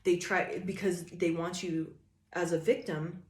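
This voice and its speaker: A woman's voice: lowish voice, flat delivery, unhurried, a little mellow, echoey room. A woman giving a casual tarot reading, swearing freely and rambling with lots of fillers. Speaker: tarot reader.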